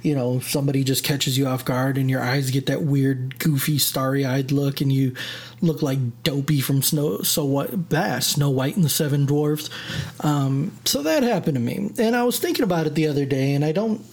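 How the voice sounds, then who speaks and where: A man tells a personal story on his own podcast, rambling and self-deprecating, forever wandering off on tangents in this casual solo storytelling. His mid-range voice is darkish and slightly rough, at a moderate pace.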